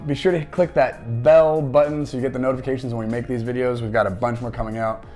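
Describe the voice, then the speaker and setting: A man's voice: mid-range voice, steady tone, quick pace, hardly any pauses, dark tone, soft background music. Enthusiastic man talking about movies. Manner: enthusiastic, conversational, retells scenes with quoted dialogue. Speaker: movie commentary host. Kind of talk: casual movie commentary.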